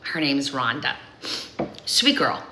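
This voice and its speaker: A woman's voice: a bass voice, measured pace. A woman telling stories with a laugh in casual livestream chat. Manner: animated, laughing storyteller. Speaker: livestream co-host. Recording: echoey room with background noise.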